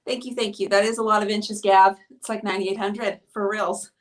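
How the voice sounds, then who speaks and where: A woman's voice: medium pitch, little pitch movement, a little fast. A woman hosting a live painting tutorial, chatting upbeat with viewers while she works and sounding out of breath. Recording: voice heard from a distance.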